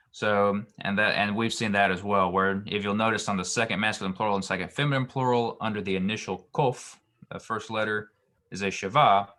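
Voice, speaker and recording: Relaxed and patient, a male Hebrew teacher with a slightly low voice covers verb forms in an online lesson. His delivery is dotted with "um" pauses and restarted phrases before he moves ahead.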